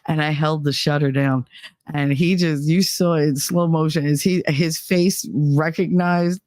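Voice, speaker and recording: A woman hosting a podcast who tells casual stories in an animated, profane way, leaping up in pitch when she quotes people. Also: unhurried, no echo. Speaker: podcast host. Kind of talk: casual storytelling.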